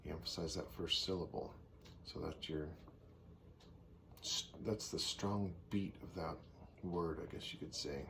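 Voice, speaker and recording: A man casually teaching songwriting, thinking aloud and sometimes clearing his throat. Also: low voice, steady tone, unhurried, pauses often, a bit bright. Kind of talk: casual teaching with sung demonstrations. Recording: faint background noise.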